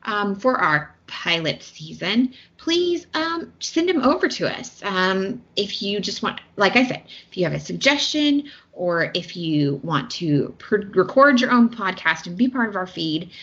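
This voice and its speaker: A woman with a Southern American accent chats casually as a podcast co-host, her talk full of ums and restarts. Her voice sits at a middle pitch, and the audio is a little dull and lo-fi. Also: sing-song, unhurried, few pauses, a bit bright. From Southern United States. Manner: chatty, many fillers and restarts. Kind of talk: casual chat.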